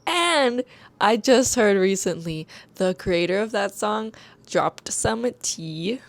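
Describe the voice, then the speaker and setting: A woman's voice: medium pitch, slow, creaky, no echo. A young woman vlogging casually into a handheld mic at home, rambling and laughing often, with a sore throat. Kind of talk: casual chatty vlog. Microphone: handheld microphone held close.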